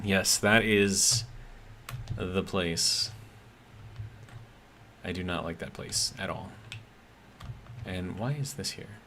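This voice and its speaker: A relaxed male game streamer with a fairly low voice talks through his build and reads chat aloud. He is easygoing and hesitant, often pausing on ums and correcting himself mid-sentence. A faint hum of noise sits behind him. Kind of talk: casual live-stream commentary, reading chat aloud.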